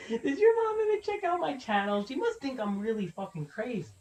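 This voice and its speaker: A man's voice: very high voice, very animated, moderate pace, a little mellow. A man giving casual gameplay commentary to a viewer, rambling and swearing, often restarting his words. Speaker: gaming channel host.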